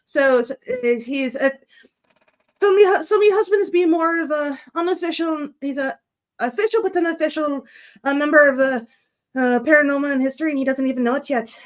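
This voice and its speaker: A congested woman voicing a halting, self-conscious attempt at an Irish accent. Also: high voice, pitched above the performer's own voice, natural voice. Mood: hammy.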